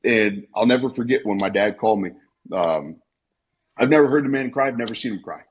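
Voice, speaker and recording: A man in his thirties with a low, husky voice talks bluntly over a live online call, swearing freely and circling back over his own words. The audio is dull and lo-fi. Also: a little fast. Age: 30s. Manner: blunt and profane, repeats himself. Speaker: Twitter Spaces speaker. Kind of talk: emotional personal talk.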